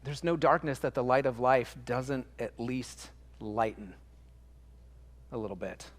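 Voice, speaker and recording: A man's voice: medium pitch, a little slow, big-room sound. A man preaching a sermon in church, earnest and emphatic, stacking up repetitions and restarting phrases as he works through a thought. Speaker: pastor.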